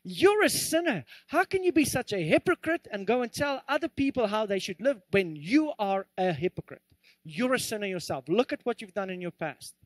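A man's voice: high-pitched, big pitch swings, moderate pace, no room sound. A man voicing the devil as a scornful, accusing tempter inside a sermon. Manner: sneering, accusatory.

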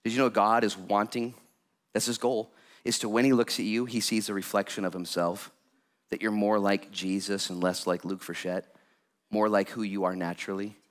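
Guy pastor preaching, animated and jokey, gets loud out of nowhere. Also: lowish voice, normal speed. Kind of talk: sermon.

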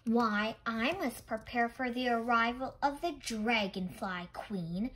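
A woman's voice: a little high, takes it slowly, fairly bright tone. A woman voicing an eager, stubborn little girl who pleads to stay up. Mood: pleading.

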